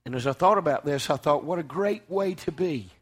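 A man preaching a sermon, swinging from loud, fervent declaiming to hushed, quiet lines. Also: on the high side, fairly quick, husky.

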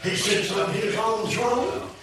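An older man preaches in a high, ringing voice, jumping from shouts to hushed, folksy asides. He sounds set back from the microphone in a very echoey hall. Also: steady tone, slow pace, heavy background noise. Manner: swings between shouted peaks and low, quiet asides; folksy plain-spoken preaching. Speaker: preacher giving his testimony. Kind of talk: fiery sermon. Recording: echoey room, voice from a distance.

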